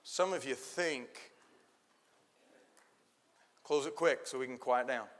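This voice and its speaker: A male pastor preaching a sermon, telling stories and swinging from hushed asides to shouted points. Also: medium pitch, takes it slowly. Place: church sanctuary. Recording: long church hall reverb.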